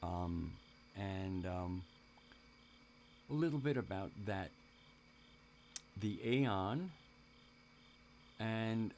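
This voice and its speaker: A man with a very low voice hosts a casual live stream. He rambles, restarts sentences and breaks off to talk to his viewers in the chat. Faint noise and crickets sit behind his voice. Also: drawn-out words, long pauses, darkish tone.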